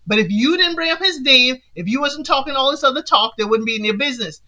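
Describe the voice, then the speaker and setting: Chatty bright-voiced woman recapping. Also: high-pitched, fast, lo-fi sound. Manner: chatty, animated, talks back at the cast with sassy asides. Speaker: podcast host. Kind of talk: casual recap commentary.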